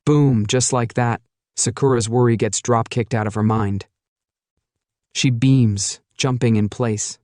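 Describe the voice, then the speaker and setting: A man's voice: medium pitch, fairly even intonation, measured pace, a little mellow, no echo, clean studio sound. A man narrating a comic story recap in a playful, jokey storytelling manner.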